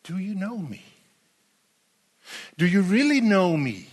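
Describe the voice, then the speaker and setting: A man voicing Jesus as a calm, gentle figure who speaks in an intimate, pleading way within a sermon. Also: sits high, takes it slowly, voice pushed up, heavily acted. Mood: inviting.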